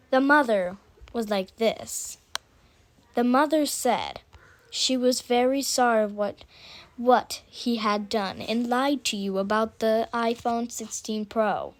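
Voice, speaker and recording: Halting improvising woman storyteller. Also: on the high side. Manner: halting, with restarts and self-corrections.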